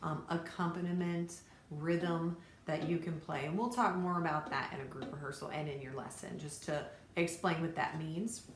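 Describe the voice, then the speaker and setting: A woman's voice: sits low, steady tone, moderate pace, few pauses. Chatty woman teaching fiddle in an echoey room. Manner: encouraging, chatty, counts beats and bowings aloud. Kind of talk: casual instructional talk to students. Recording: echoey room, faint background noise.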